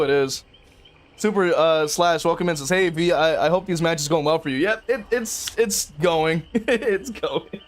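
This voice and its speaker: A young man streaming a game, talking casually to chat, often exasperated, swearing and laughing. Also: a little high. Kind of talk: casual livestream commentary.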